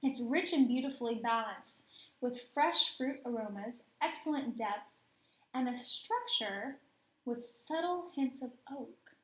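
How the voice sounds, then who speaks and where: A woman's voice: on the high side, animated, unhurried. A woman co-hosting a casual wine review, chatty and playful, reading label notes aloud. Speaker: co-host. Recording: echoey room.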